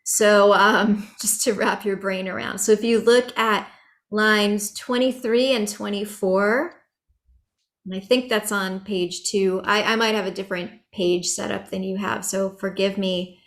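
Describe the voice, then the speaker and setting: A woman leads an online chanting workshop in an unhurried voice. She is chatty and relaxed and laughs easily as she walks through pronunciation over a video call. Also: mid-range voice.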